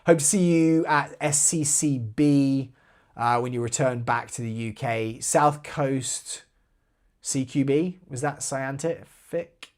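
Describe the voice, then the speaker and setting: A man from southwest London with a southern English accent softened by American inflection, hosting a casual live-stream Q&A and reading chat aloud in a chatty, rambling way that trails off quietly. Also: mid-range voice, slow. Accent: southern English with slight American inflection. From southwest London, England.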